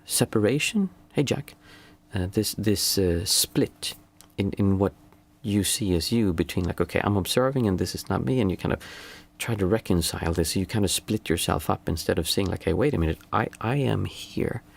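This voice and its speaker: A man with a low, creaky, breathy-edged voice talks at a moderate pace, hardly pausing. As a meditation teacher and dad of small children, somewhere between young adult and middle age, he reflects casually during a livestream teaching, trying to find the right words aloud.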